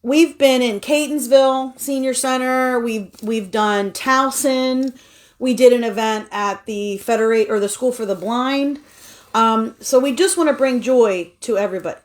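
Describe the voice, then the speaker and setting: A chatty woman, talking as a guest in a relaxed interview. Her voice sits a bit high, and she tells her stories in an upbeat, animated way. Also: measured pace. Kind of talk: casual conversation.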